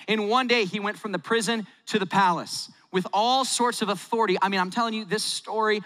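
A man preaching a sermon in a large hall, telling a story with animated delivery and acting out quotes. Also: high voice, brisk. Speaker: pastor. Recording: long reverb of a large hall.

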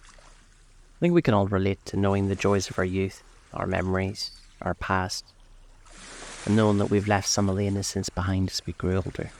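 Man with a lowish voice reading a bedtime story, soft and slow, soothing. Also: level tone, a little hiss or hum. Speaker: storyteller host.

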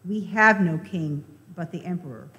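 A woman reading the lines of an angry crowd of accusers in a measured, plain scripture reading. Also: on the low side, animated, bright, forceful tone. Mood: insistent. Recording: reverberant church hall.

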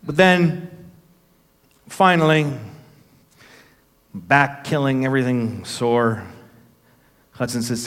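A man in his fifties preaches to his congregation, drifting between a lively personal story and earnest appeals. His voice sits in an ordinary middle register. The church hall around him rings with a long reverb. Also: mid-range voice, slow pace, long pauses. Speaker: pastor. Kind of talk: sermon. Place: church sanctuary.

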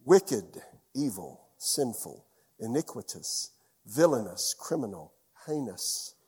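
A man preaching as a church pastor, telling a personal story in an animated way and often dropping suddenly to a quiet voice. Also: mid-range voice, takes it slowly, husky, long reverb tail. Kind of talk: sermon.

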